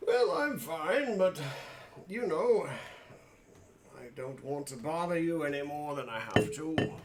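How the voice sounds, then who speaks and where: A man voicing a cautious, polite half-elf man who speaks in a measured, formal way. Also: a little high, animated, echoey room, pitched above the performer's own voice. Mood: wary, polite.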